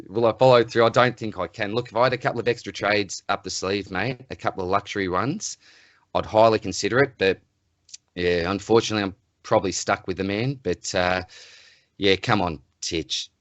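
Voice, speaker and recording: An Australian man co-hosting a casual sports podcast, ranting in an animated, exasperated way. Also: low voice, a little fast, no room sound, highs cut off. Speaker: podcast co-host.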